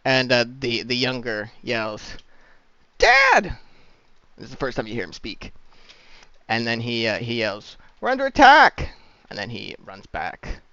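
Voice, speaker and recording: Brief: male game master, gravelly, casual, dull lo-fi mic. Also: mid-range voice, steady tone, moderate pace, bright, forceful tone, no echo. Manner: casual, swearing, distracted by a cat. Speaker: dungeon master. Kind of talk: running a tabletop game over voice chat.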